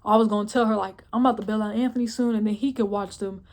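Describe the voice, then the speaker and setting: A young woman telling a personal story in a casual vlog, blunt and profane, often close to tears, tossing in "boom, boom, boom" as she goes. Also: fairly even intonation, fast talker, darkish tone. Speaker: vlogger.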